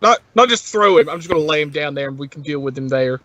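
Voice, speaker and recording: Fairly high-voiced man, laid-back player. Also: expressive, quick pace, fairly bright tone, no room sound. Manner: casual, laughs often. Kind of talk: casual tabletop game chat. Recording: dull lo-fi sound.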